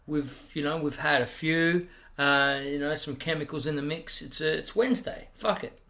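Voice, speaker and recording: An Australian man and comedian, telling profane, animated stories in a casual chat and getting loud when he acts out what people said. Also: fairly high pitch, normal speed, creaky. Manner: loud bursts when acting out quotes. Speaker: guest comedian.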